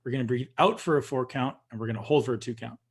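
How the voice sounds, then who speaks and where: A man with a husky, slightly breathy voice talks calmly and steadily, giving step-by-step coaching. His pitch sits in an ordinary middle range for a man. He sounds like he is on a video call. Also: rapid-fire. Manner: calm, instructive, addresses listeners directly. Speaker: guest leading a breathing practice. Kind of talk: coaching instruction.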